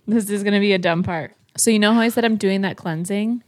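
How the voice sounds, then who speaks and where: A woman co-hosting a podcast in casual chat, high and giggly, swearing and rambling as she talks. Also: fast, heavy background noise. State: high on marijuana. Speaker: podcast co-host.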